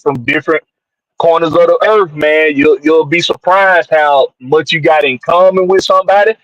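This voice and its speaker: A man's voice: on the high side, fairly bright tone, no echo, muffled recording. A man from hosts a casual live-stream sports show, loose and jokey, reading out viewers and tossing in "man" all the time. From Georgia, USA. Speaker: podcast host.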